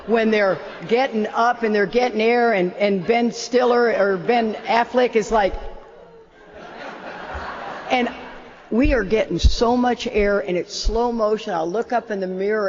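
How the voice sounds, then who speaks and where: Older woman, opening speaker, lively self-deprecating storyteller, high-pitched, echoing hall on a dull recording. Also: a little slow. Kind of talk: storytelling talk. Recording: muffled roomy hall.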